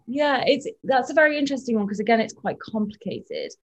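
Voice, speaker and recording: A woman who is a clinical psychologist explains ideas in a relaxed interview, staying measured and thoughtful and drawing on everyday examples. Her voice is a little high.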